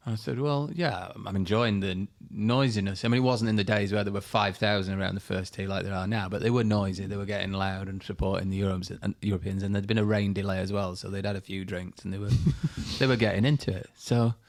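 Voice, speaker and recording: A middle-aged man tells a story on a podcast, lively and quick to laugh. His voice sits on the lower side. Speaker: guest, former pro golfer.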